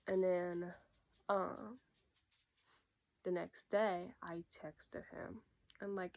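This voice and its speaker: A woman's voice: lowish voice, drawn-out words, long pauses. Young woman telling a breakup story. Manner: animated, quotes people with "I'm like". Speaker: YouTuber. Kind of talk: casual storytime chat.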